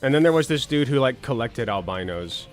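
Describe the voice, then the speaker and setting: A man's voice: medium pitch, expressive, brisk, faint music behind. A man hosting casual political commentary, rambling with sarcastic, crude jokes and swearing.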